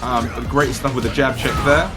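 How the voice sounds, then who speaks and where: A man's voice: mid-range voice, steady tone, moderate pace, music in the background. An Englishman commentating a live fighting-game tournament, chatty and jokey, reading out schedules and calling the action with sudden exclamations. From England. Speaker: esports commentator.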